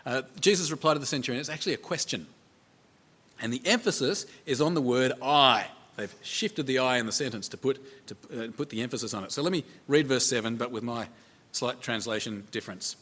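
A man's voice: mid-range voice, fairly quick, a bit bright. A man preaching a sermon in a conversational way, repeating phrases for emphasis and asking rhetorical questions.

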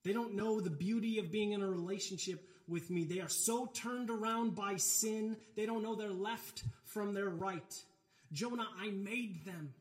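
A man voicing God as a patient teacher, speaking calmly and reasoning with questions to a sulking prophet. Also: sits high, unhurried, voice pushed up. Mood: patient, earnest. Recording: roomy, echoey hall.

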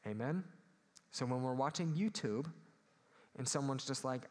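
A man's voice: mid-range voice, normal speed. A man, preaching a sermon as pastor, earnest and calling out for amens. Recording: long hall reverb.

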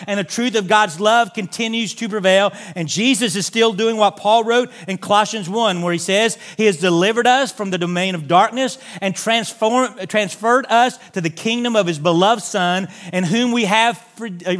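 A man's voice: high-pitched, fairly bright tone. A pastor preaching a sermon in a church, making earnest, direct appeals to his congregation. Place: church sanctuary.

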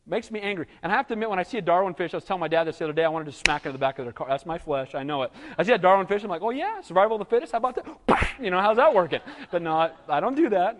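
A man's voice: high-pitched, long reverb tail. A male pastor preaching a sermon, emphatic, often asking the congregation "Amen?" and filling with "you know".

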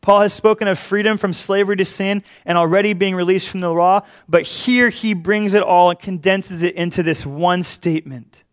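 A man preaching a sermon as a pastor, earnest and emphatic. He repeats key phrases and often drops to a hush. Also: high-pitched, steady tone, moderate pace, few pauses, smooth.

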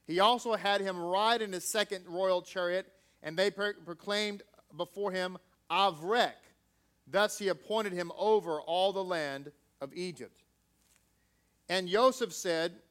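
A man's voice: sits high, a bit bright, smooth. A man reading scripture aloud and then preaching in a conversational way, joking with the congregation. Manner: conversational, jokey asides with audience.

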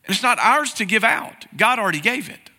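A man's voice: high voice, very animated, brisk, pushed and bright, big-room sound. A man preaching a sermon as pastor, in a conversational style full of rhetorical questions, recorded in a church sanctuary.

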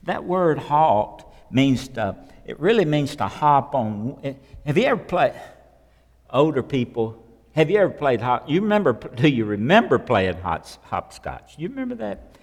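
A man's voice: mid-range voice, very animated, measured pace. A man preaching a sermon to a congregation, conversational, with repeated rhetorical questions. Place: church hall. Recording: long reverb of a church hall.

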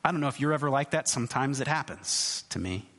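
Lively preacher man in an echoing hall. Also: medium pitch, fast talker. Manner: conversational, hesitant restarts, acts out quoted voices. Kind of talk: sermon. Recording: long hall reverb.

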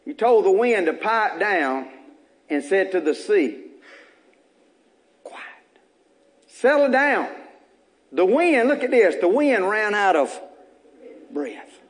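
Delivering a sermon, this man speaks slowly in a high voice that swings widely in pitch. Like a pastor before his flock, he uses a full, rhythmic cadence, repeating phrases and building into emphatic bursts to press each point.

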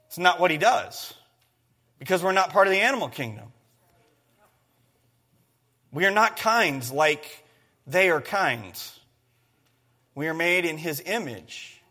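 A man delivering a sermon in a high, bright voice that swings widely in pitch. He talks emphatically, doubling back on phrases as he goes and calling on the congregation to follow along. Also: lively intonation, moderate pace, pauses often. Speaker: preacher.

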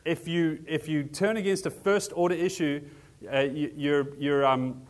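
A man's voice: fairly high pitch, fairly even intonation, a little slow. A man preaching a sermon in an earnest, conversational way, asking the congregation questions as he goes. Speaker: pastor.

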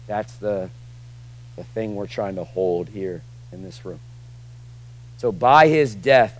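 A male pastor preaching a casual sermon in church, joking with the room and swinging from quiet asides to loud, emphatic lines. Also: on the low side, low-quality recording.

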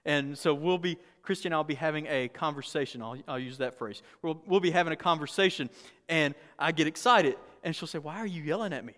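Man, pastor, higher voice, candid joking sermon, long hall reverb. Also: a little fast, fairly bright tone. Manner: candid, humorous, conversational preaching with frequent restarts.

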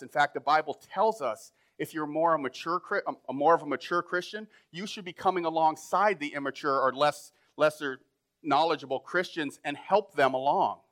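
Pastor, slightly high voice, preaching informally and pressing his points. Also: fairly bright tone. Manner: conversational preaching, rising to emphatic. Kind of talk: sermon.

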